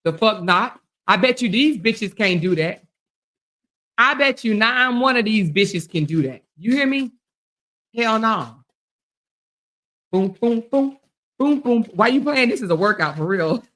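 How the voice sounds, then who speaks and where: A middle-aged woman hosting a livestream, trash-talking with loud profanity and taunts while she exercises her arms. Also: mid-range voice, lively intonation, a little slow. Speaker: livestream commentary host.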